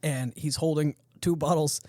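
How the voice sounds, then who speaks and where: A man's voice: a little high, normal speed, dry recording, studio quality. A young adult man hosting a podcast in casual chat, telling stories with lots of energy, acting out what others said and laughing often. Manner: animated storyteller who acts out quotes and laughs often. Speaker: podcast host.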